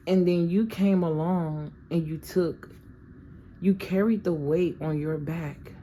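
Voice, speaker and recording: Low-voiced woman giving a chatty tarot reading. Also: dark tone, slight background noise. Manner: chatty, slangy, talks straight to viewers. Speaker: tarot reader. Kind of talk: casual tarot reading to viewers.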